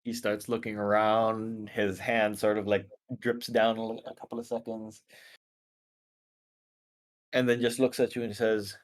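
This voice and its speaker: A man narrating as game master in a relaxed, descriptive way. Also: lowish voice, a little slow, long pauses.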